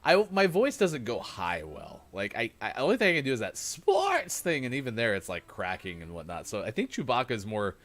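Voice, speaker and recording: Male show host, very lively pitch, giggly and self-mocking, calling in. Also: brisk, hardly any pauses. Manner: giggly, self-deprecating, laughs often. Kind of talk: casual chat. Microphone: calling in over voice chat.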